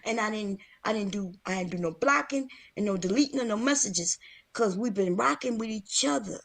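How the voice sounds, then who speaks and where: A woman's voice: medium pitch, fairly quick, creaky, a bit bright. A woman guest on a livestream, talking brashly and teasingly with lots of cursing, a bit out of breath. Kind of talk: casual livestream chat.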